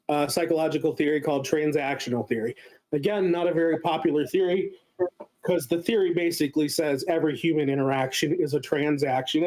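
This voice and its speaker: A man giving a casual explanatory lecture as a guest speaker, often pausing on filler sounds. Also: on the high side, a little mellow, rough recording.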